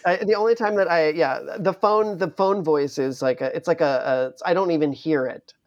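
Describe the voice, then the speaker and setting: A podcast co-host in casual chat, rambling and cutting themselves off in quick bursts. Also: mid-range voice, no echo, lo-fi sound.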